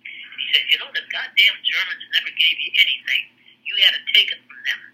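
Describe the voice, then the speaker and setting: An older man in casual conversation, telling family war stories in a rambling, halting way, with many restarts and blunt profanity. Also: a little high, pushed and bright, rough recording.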